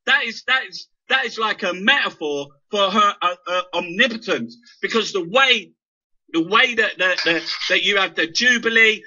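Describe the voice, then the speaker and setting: A man's voice: sits high, normal speed, pushed and bright, slight background noise. A man in an impassioned political rant, swearing heavily and stumbling over repeated words. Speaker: guest. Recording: dull lo-fi internet radio audio.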